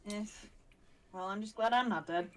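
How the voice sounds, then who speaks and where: A woman's voice: medium pitch, normal speed, slight background noise, poor audio. A woman playing a tabletop game, chatting casually with sarcastic teasing. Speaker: player.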